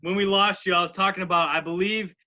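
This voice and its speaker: A man co-hosting a baseball podcast, chatting with enthusiasm and asking quick questions. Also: high voice, fairly even intonation, pushed and bright. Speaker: podcast co-host. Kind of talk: casual chat. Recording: dull, lo-fi podcast audio.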